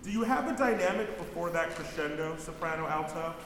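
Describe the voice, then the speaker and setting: In a rehearsal hall, a man leads a choir, counting in beats and singing example phrases between instructions. His voice is on the high side, animated, fairly quick, and a bit bright, with a little hiss or hum. The roomy hall adds long reverb, and faint music can be heard.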